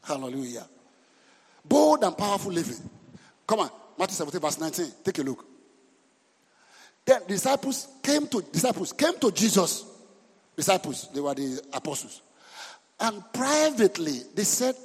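A man preaching a sermon as pastor, lively and breaking into sudden shouts. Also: sits high, normal speed, long pauses, slightly rough. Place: church hall. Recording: reverberant church hall.

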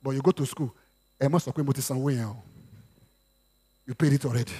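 A man's voice: medium pitch, fast, breathy edge. A man with a Nigerian accent preaching a sermon, slipping into Yoruba and acting out quotes. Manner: lively preaching with Yoruba asides and acted quotes. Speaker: pastor.

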